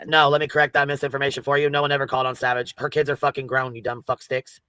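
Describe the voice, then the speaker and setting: A man's voice: medium pitch, flat delivery, very fast, bright, forceful tone, clean tone, no echo, clean studio sound. A man ranting in anger, cursing and correcting people harshly. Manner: furious, cursing, correcting others. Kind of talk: angry profane rant.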